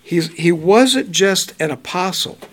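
A man preaching a Bible study, reading verses slowly and then commenting in a relaxed, conversational way. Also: high-pitched. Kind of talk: bible teaching.

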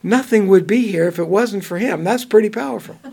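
A man preaching a Bible study, reading verses slowly and then commenting in a relaxed, conversational way. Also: high voice, gravelly. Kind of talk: bible teaching.

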